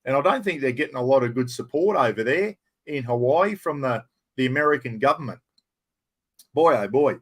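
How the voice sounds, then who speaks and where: A man's voice: medium pitch, expressive, a little fast, a bit bright, husky. An Australian man hosting a casual livestream chat, rambling and blunt, often calling his viewers mate. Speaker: livestream host.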